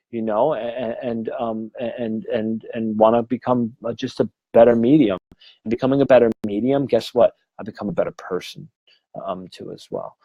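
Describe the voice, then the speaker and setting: A man's voice: medium pitch, dark tone, slightly rough, no echo, low-quality recording. A man giving a casual livestream talk as a medium, earnest and rambling, restarting his sentences and swearing now and then. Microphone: phone or webcam livestream.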